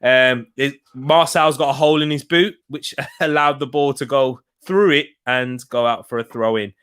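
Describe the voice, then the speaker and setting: A man's voice: medium pitch, fairly even intonation, moderate pace, fairly bright tone, smooth. A young man hosting a live football watch-along, chatting casually, laughing often and reading out viewer comments.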